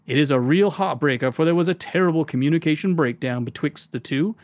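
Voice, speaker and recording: A man putting on a drawling Southern gentleman captain. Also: a little high, fast, dry recording, natural voice. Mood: folksy. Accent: put-on Southern US. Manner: drawling, old-fashioned folksy phrasing. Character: folksy slow-drawling Southern gentleman pirate captain, male.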